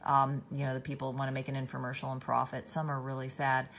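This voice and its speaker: A woman's voice: extremely low pitch, monotone, quick pace, fairly bright tone, slight background noise. A woman hosting a casual live stream, tired, reading out viewer comments and answering them by name with many fillers and restarts.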